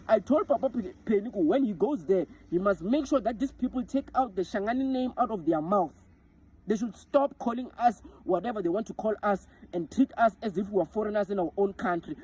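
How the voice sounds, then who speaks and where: A man's voice: high-pitched, darkish tone, a little hiss or hum, low-quality recording. A South African man whose first language is Xitsonga, giving an impassioned, repetitive monologue to camera that keeps asking if the listener understands. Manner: impassioned, repeating himself and asking "do you understand?". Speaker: social media commentator.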